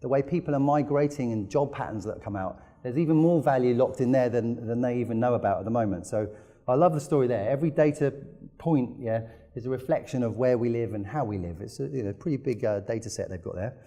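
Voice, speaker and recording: Mellow-voiced British business speaker. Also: male voice, mid-range voice, fast. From United Kingdom. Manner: enthusiastic storytelling with frequent fillers. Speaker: conference speaker. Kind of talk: business presentation.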